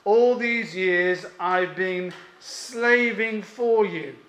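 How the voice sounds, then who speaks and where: Man doing a bitter older brother, slow dragging complaint, high-ish voice, echoey room. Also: fairly bright tone. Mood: resentful.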